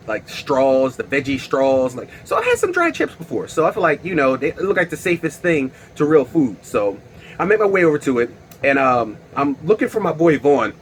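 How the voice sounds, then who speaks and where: A man's voice: mid-range voice, slight background noise. A man telling a personal story in a casual, slangy way, with lots of fillers and laughs. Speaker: storyteller vlogger.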